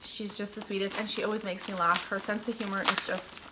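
A woman's voice: medium pitch, level tone, a little fast, very noisy. A woman craft vlogger chatting casually and gushing while opening happy mail. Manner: gushing, effusive, many gasps and oh my goodness. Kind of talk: casual chat while unboxing. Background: crinkling paper and clicks.

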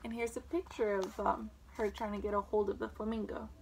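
A woman reading a children's storybook aloud in an informal way, pausing to mention the pictures. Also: medium pitch, flat delivery, gravelly, slight background noise, poor audio. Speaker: reader.

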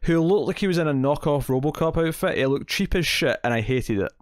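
Sarcastic Scottish podcaster, dry close mic. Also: male voice, on the high side, expressive, fairly quick, dry recording. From Scotland. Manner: blunt, sarcastic, stammering restarts. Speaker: podcast co-host. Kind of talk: casual chat reviewing TV episodes.

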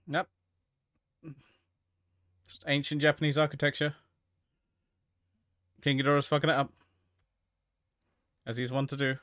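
A man's voice: medium pitch, flat delivery, a little slow, long pauses, fairly bright tone, no echo, studio quality. Profane, jokey man commenting on a film. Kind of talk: casual movie commentary.

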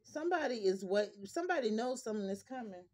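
A woman's voice: a little high, lively intonation, fast, darkish tone. Profane, blunt woman reading tarot. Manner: blunt, profane, emphatic, repeats herself. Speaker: tarot reader. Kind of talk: casual tarot reading to camera.

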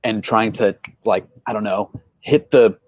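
A man with a lowish, somewhat husky voice hosting an interview. He talks in a thoughtful, casual way, sprinkling in "man" and "like". The sound is dry and close. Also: fairly even intonation, unhurried, darkish tone, no room sound. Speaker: podcast host. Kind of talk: conversational interview.

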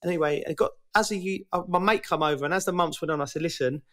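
A man's voice: fairly high pitch, fast, a bit bright. A man, a podcast co-host telling stories in a chatty, laughing way. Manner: chatty, laughing storyteller, drops "mate". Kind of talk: casual podcast chat.

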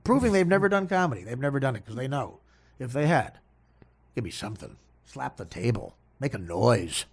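A man's voice: mid-range voice, creaky, husky. A man on a comedy podcast, ranting in a self-mocking, exasperated way.

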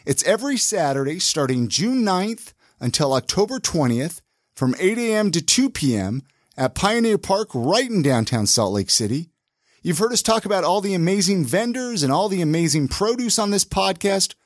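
Lively, upbeat male podcast host. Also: high-pitched, dry recording, clean studio sound. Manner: upbeat, lively, quick intros with filler restarts. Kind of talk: casual podcast chat.

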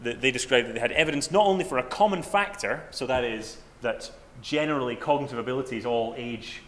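A man's voice: medium pitch, fairly bright tone. Scottish man in his twenties lecturing. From Scotland. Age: 20s. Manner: halting, many fillers and restarts, wry self-deprecating humour. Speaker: researcher giving a talk. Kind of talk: academic conference talk. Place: lecture room.

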